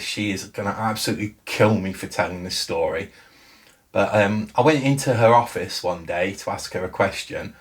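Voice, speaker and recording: Male book vlogger, chatty storyteller, lowish voice, casual delivery. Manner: chatty and storytelling, with frequent self-restarts. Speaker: BookTube channel host. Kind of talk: casual book vlog talk.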